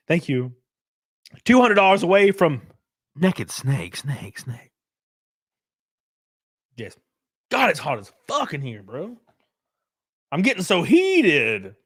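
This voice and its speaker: Animated man in his thirties ranting. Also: fairly high pitch, dry recording, studio quality. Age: 30s. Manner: animated, profane, sarcastic. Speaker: live streamer. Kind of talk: casual rant to stream chat.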